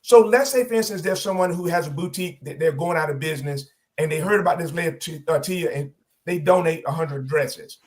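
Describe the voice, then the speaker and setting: A man's voice: a little high, fairly quick. A man co-hosting a radio talk show, chatty and making points with examples while losing his voice. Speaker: co-host. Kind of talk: casual radio panel talk.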